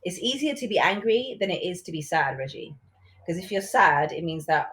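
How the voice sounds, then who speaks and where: A woman's voice: lowish voice, normal speed, slightly rough. A woman co-hosting a podcast, talking frankly and bluntly in a casual discussion. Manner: frank, blunt and animated, with swearing. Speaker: podcast co-host.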